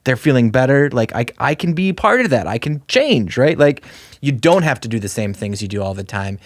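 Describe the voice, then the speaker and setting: A man in his thirties co-hosting a podcast, talking in a loose, animated, rambling way with lots of fillers. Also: mid-range voice, a little fast, dry recording. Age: 30s. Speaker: podcast co-host. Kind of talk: casual chat.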